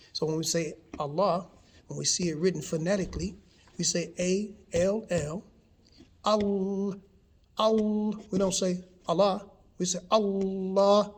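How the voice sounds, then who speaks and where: A man's voice: fairly high pitch, slightly rough. A man giving a casual spoken lesson, explaining patiently and checking in with his listeners as he goes. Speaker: teacher.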